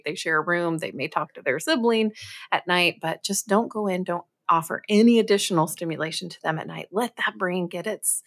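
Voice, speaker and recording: A woman co-hosting a parenting advice podcast, upbeat and chatty, explaining at length with small fillers. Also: fairly low pitch. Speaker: podcast co-host.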